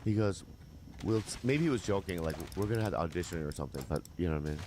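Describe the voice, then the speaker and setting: A man's voice: sits low, expressive, rapid-fire, noisy background. A man in casual chat who tells rambling stories and takes teasing with a sheepish laugh. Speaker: podcast co-host.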